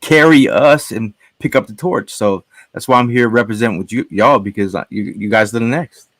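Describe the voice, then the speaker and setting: A man in his thirties, a podcast guest who talks in a relaxed, rambling way with lots of fillers. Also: medium pitch, moderate pace, no echo. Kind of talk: casual sports podcast chat.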